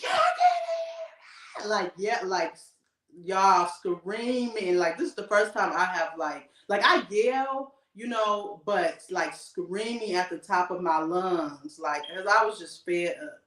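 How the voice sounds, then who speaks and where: A woman co-hosting a casual podcast, telling a story with emphatic, animated delivery. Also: lowish voice, slow, recorded from a distance. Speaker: podcast co-host. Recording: echoey room, voice off-mic.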